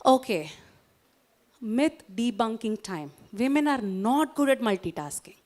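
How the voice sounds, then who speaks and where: Indian English woman, fairly high voice, coaxing motivational speaker who keeps checking in with the room. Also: lively intonation, measured pace. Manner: warm, coaxing, interactive, asks the audience questions. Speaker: guest speaker at a doctors' society. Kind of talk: motivational lecture with guided exercise.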